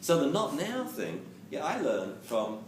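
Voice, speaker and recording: A man giving a lively, jokey lecture on dog training to a live audience, acting out quotes as he goes. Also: on the high side, a little slow. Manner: animated, jokey, acts out quotes. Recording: roomy, distant camera mic with hiss.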